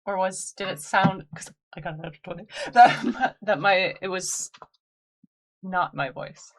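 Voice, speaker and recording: A woman chatting at a game table in a mid-pitched, everyday voice. She talks loosely, with many fillers and trailing phrases. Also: expressive, unhurried. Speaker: player. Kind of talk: casual tabletop play.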